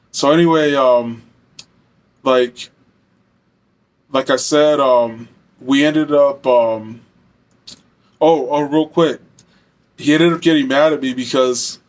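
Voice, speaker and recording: A young man telling a personal story in a casual, rambling way, full of fillers and swearing. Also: medium pitch. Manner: rambling, heavy fillers, profane.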